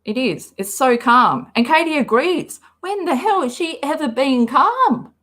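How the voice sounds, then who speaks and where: A woman talks slowly and easily as she hosts a live reaction stream. She rambles from one thought to the next in a casual, chatty way and reads the chat aloud as she goes. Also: high voice, very animated, a bit bright. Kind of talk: casual livestream commentary.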